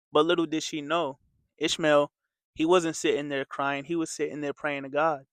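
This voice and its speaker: A man's voice: on the high side, little pitch movement, moderate pace, fairly bright tone, no echo. A man giving a casual, earnest motivational faith talk as a coach, talking conversationally and repeating his points. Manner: earnest, repetitive, conversational with many fillers.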